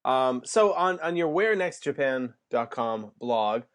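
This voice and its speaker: A man's voice: mid-range voice, expressive, slow pace. A middle-aged man from Canada hosting a casual podcast interview, chatty and rambling with many restarts. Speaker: podcast host.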